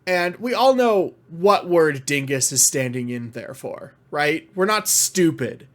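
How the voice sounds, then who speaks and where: Man, casual vlogger, heated exasperated rant, curses a lot, slightly high voice. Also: expressive. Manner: exasperated ranting with frequent swearing; halting restarts when worked up. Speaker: vlogger reviewing media. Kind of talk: casual spoken review.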